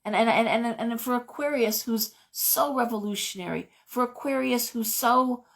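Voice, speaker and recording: A woman's voice: fairly high pitch, moderate pace, gravelly, low-quality recording. A middle-aged woman hosting a live tarot show, talking casually and wandering off into personal stories. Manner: rambling, digressive storytelling. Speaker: tarot reader host.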